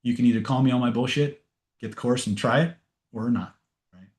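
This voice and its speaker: A man's voice: mid-range voice, fairly even intonation, brisk, darkish tone. A man teaching an online webinar on persuasion techniques in a conversational way, with frequent fillers, restarts and frank asides. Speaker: NLP and hypnosis trainer.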